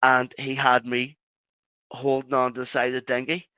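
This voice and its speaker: A man with an Irish accent, a podcast guest telling a personal story in halting phrases with many restarts. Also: mid-range voice, completely flat delivery, sharp tone, smooth, no echo. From Ireland.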